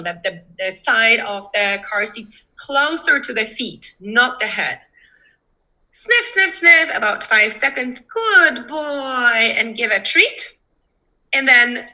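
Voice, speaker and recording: A young adult woman dog trainer, explaining advice in an interview in a lively way and acting out little voices as she goes. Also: a little high, low-quality recording.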